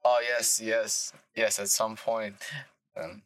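A man's voice: lowish voice, flat delivery, slow pace, fairly bright tone, dry recording. A man hosting a podcast in casual chat, easygoing, asking questions and laughing along. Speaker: podcast host.

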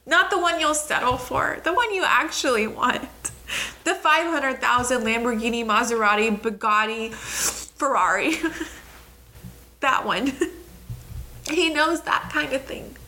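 A woman hosting and preaching a devotional teaching, fervent and emphatic, talking straight to the listener and swinging between soft words and exclaiming. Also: high voice, unhurried, long pauses. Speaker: host and preacher.

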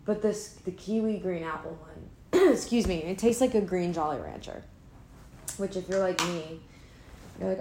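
A woman's voice: on the low side, moderate pace, a little mellow, slight background noise. Sleepy rambling woman in an echoey room. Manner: rambling, self-deprecating, trails off and restarts. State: sleepy, not fully awake. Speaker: vlogger. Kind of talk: casual rambling chat to camera. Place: indoors at home, an apartment. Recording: echoey room with faint ambience.

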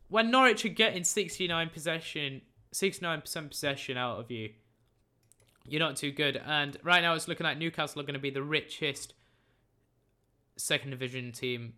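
Bright, crisp-voiced football podcaster. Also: male voice, a little high. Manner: chatty, jokey, opinionated, reels off names and scores. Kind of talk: casual football results roundup.

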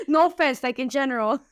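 A woman whose first language is Spanish talks in a chatty, rambling way, full of fillers. Her voice sits a bit high, and the recording is close and dry with no room sound. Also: lively intonation, moderate pace, a bit bright, dry recording. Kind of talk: casual chat.

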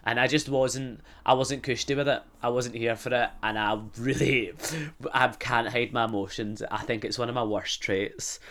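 A man's voice: mid-range voice, steady tone, normal speed, hardly any pauses, fairly bright tone, slight background noise. A young man with a Glasgow accent, hosting a podcast in casual, rambling, sweary comic chat. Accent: Glaswegian Scottish. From Scotland. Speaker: podcast host.

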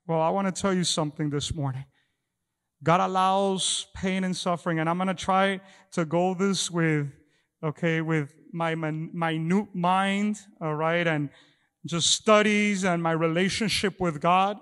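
A man's voice: high-pitched, steady tone, fairly bright tone, clear, resonant tone. A middle-aged man preaching a sermon as pastor, often repeating words as he talks. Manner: halting with many repeated words. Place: church hall. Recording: long echo of a large hall.

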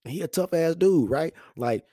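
Man, thirties, lively storyteller on a podcast mic, dry close sound. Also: a little high, moderate pace, no echo. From Houston, Texas. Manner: animated storytelling, acts out voices, laughs often. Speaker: podcast talker. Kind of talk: casual monologue. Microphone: studio microphone.

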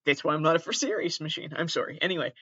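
A man's voice: fairly high pitch, rapid-fire, sharp tone, breathy edge, no room sound, lo-fi sound. A man with a Midwestern accent hosting his own podcast, reading aloud in a casual comedic way and often breaking into giggles and apologies. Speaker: podcast host.

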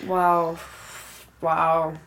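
A woman co-hosting a podcast, reacting to a story with slow, measured comments. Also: deep voice, monotone, a loud crowd. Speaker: podcast co-host. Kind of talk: casual chat, listening and reacting.

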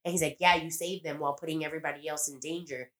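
A woman's voice: deep voice, fairly even intonation, racing, a bit bright. A woman casually recapping a TV episode on a podcast, rambling, swearing freely and acting out the characters' lines. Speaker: podcast co-host.

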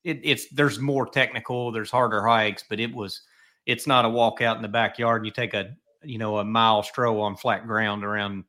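Bright-voiced chatty man hosting a podcast. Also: lowish voice, steady tone, normal speed. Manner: rambling, chatty storyteller. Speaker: podcast host. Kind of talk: casual podcast chat.

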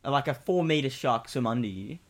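A young man, co-hosting a podcast and telling a story in an animated, rambling way with many fillers. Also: medium pitch, fairly quick. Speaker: podcast co-host. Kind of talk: casual storytelling chat.

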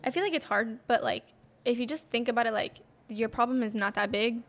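A young woman with a slightly high voice chats casually as a podcast co-host at home. She agrees with her partner a lot, fills her talk with "like", and swears offhandedly. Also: fairly quick. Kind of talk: casual chat. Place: home room.

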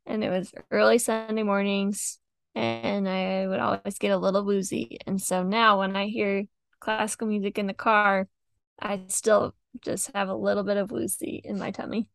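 Giggly young woman, gravelly close voice. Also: mid-range voice, level tone, normal speed, dry recording. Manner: chatty, giggly, lots of "like". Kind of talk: casual chat reviewing songs.

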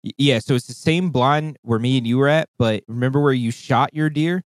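In a dry recording, a man with a medium-pitched voice speaks briskly. He's casually spinning a long hunting tale, cursing freely and animatedly acting out voices and calls.

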